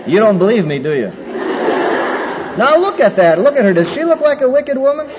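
Male preacher, animated sermon, wide swinging pitch, long hall reverb, muffled old recording, faint hiss. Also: a little fast, crowd noise. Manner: animated, acts out quoted excuses in a higher voice.

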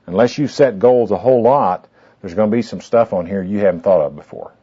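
Low, mellow man teaching a small group. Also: brisk, breathy edge. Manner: folksy, rambling, with many fillers and asides. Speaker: teacher leading a goal-setting class. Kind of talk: informal classroom talk with anecdotes. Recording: dull lo-fi tape recording.

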